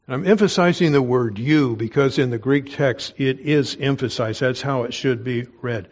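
A man preaching an expository Bible sermon, earnestly explaining the text and reading scripture aloud slowly. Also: medium pitch, expressive, highs cut off.

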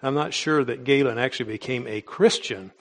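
A man's voice: mid-range voice, brisk. A man preaching a sermon in an earnest, emphatic way, with small restarts as he goes. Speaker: pastor.

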